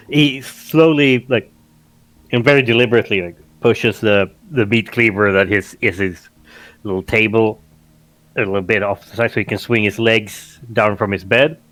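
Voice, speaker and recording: A man's voice: on the low side, fairly even intonation, moderate pace, a bit bright, dry recording. A man playing a tabletop role-playing game who narrates his character's actions, hesitant and full of restarts. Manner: hesitant, repeats words, says "like" a lot. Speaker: player.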